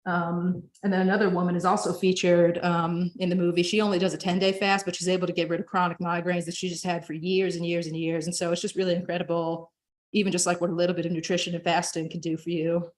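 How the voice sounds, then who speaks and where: Chatty young woman with a low voice. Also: little pitch movement, fast talker. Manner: chatty, frequent filler words. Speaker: presenter. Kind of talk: casual presentation.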